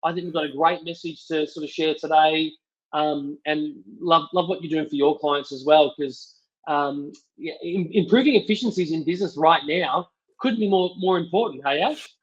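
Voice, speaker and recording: A man talks as a podcast guest, telling a business story in upbeat, casual speech full of fillers. His voice is fairly high for a man. The recording sounds dull and lo-fi. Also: normal speed. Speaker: podcast guest, company partnerships lead. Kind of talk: casual interview chat.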